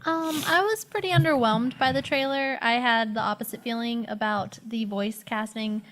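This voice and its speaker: A woman on a casual movie chat panel, playful and animated. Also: fairly high pitch, normal speed. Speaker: podcast panelist.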